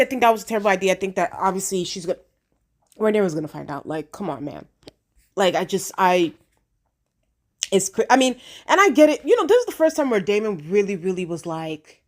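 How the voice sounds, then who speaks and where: A woman talks through a TV episode in a casual review vlog. She is blunt and slangy, swears freely, and speaks straight to her viewers. Her voice sits at a middle pitch. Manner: outspoken, addresses viewers directly. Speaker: TV show reviewer.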